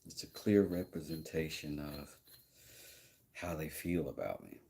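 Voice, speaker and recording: A man's voice: very deep voice, measured pace, mellow. A man hosting a vlog, chatting casually to himself with joking asides while working on a desk in a workshop. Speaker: vlog host. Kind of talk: casual running commentary while woodworking.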